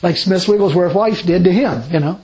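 A married Christian man giving his testimony in a rambling, animated way, laughing often and acting out conversations. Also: high voice, a little fast, low-quality recording. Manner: animated, laughing storyteller who acts out dialogue; rambling with frequent restarts.

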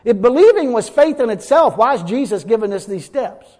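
A man's voice: extremely high pitch, very animated, a little fast, a little mellow. A man preaching a sermon, emphatic, reading scripture aloud and acting out what people say. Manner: emphatic, reads scripture aloud, acts out quotes. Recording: long hall reverb.

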